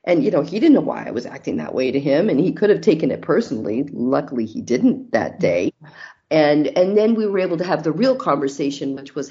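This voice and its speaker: A middle-aged woman talks candidly as an interview guest, telling personal stories from her marriage. Her voice sits a little low and has a mellow, warm tone. The recording sounds slightly dull and lo-fi. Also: big pitch swings, a little fast. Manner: candid, storytelling, faith-based. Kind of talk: casual interview talk.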